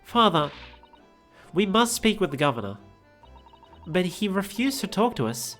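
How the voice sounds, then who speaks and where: A woman's voice: very animated, a little slow, faint music behind. A woman doing a polite, earnest young assistant. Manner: polite, earnest, high and bright.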